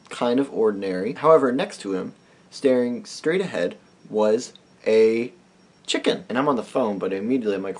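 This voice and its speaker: A young man tells a comic story straight to camera. His delivery is animated and chatty, with sudden loud, silly noises that he plays for laughs. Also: on the low side, breathy edge. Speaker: vlogger.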